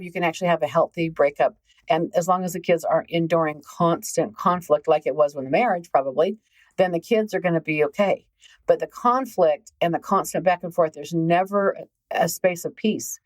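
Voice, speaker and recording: A woman's voice: lowish voice, brisk, poor audio. A middle-aged woman hosting a relationship podcast, talking casually and emphatically, repeating words for stress. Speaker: host, relationship healing coach.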